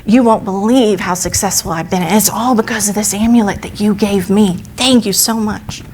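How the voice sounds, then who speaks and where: A woman's voice: mid-range voice, normal speed, a little mellow, a little hiss or hum, natural voice. A woman voicing a young man who doubts himself at first and later gushes with thanks, in a spoken parable. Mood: grateful. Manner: doubting, then gushing with thanks. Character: anxious then confident young man.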